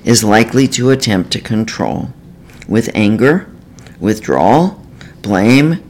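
A man, a therapist, reading a self-help book in a measured, earnest and gentle way. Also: on the low side, very animated, slight background noise, rough recording. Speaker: therapist author. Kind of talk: scripted self-help narration.

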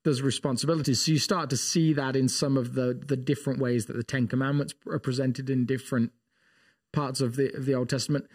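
A man's voice: mid-range voice, steady tone, brisk, darkish tone, slightly rough. A man co-hosting a casual faith discussion, telling stories with lots of restarts and fillers. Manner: storytelling, many restarts and fillers.

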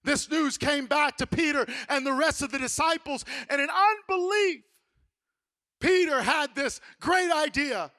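A male pastor with a very high, bright voice preaches in a church sanctuary. He tells the story dramatically, dropping to a hush and then rising to a shout. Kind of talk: sermon.

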